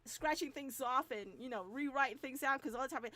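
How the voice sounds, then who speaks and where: A woman hosting a papercraft channel, chatting casually with viewers, animated and gushing, and laughing often. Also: high voice, a little fast. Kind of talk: casual chat to live viewers. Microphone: new microphone, moved closer.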